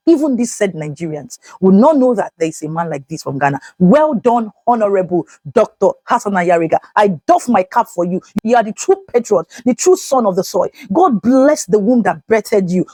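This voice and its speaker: A husky-voiced woman delivers fiery, declamatory video commentary. Her pitch swings widely as she hammers home repeated rallying phrases. The sound is dry and close. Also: darkish tone, no echo. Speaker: vlogger commenting on news.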